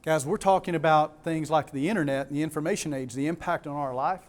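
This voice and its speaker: A man's voice: fairly high pitch, fast talker. A man with a Southern US accent giving a keynote talk to a live audience, emphatic, repeating key words and putting questions to the crowd. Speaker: conference speaker.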